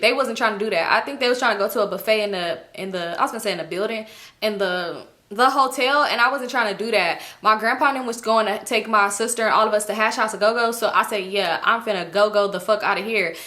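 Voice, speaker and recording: A young woman casually telling a story to her viewers, chatty and slangy, swearing freely and acting out the people she quotes. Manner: animated, acts out quotes with a higher voice. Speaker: storytime YouTuber.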